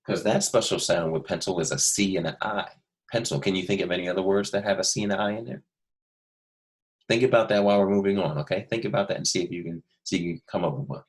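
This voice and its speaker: A man teaching a recorded first grade phonics lesson, slow and patient, repeating steps and asking young pupils questions. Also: low-pitched, low-quality recording.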